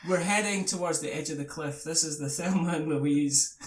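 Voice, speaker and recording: A man's voice: a little high, normal speed. A man hosting a podcast, rambling in casual chat and laughing often, recorded from across the room. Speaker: podcast host. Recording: roomy, mic far off.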